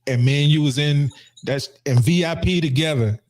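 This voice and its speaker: A man's voice: on the high side, normal speed, a little mellow, soft background music. Earnest man hosting a podcast. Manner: earnest, repeats words and restarts often. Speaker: podcast host and barber. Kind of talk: casual heartfelt conversation.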